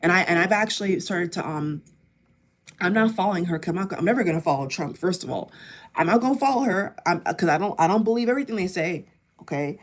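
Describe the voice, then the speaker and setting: A woman's voice: lowish voice, lively intonation, quick pace. A woman giving impassioned political commentary to camera, emphatic and repetitive, speaking straight to her viewers. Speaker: political vlogger.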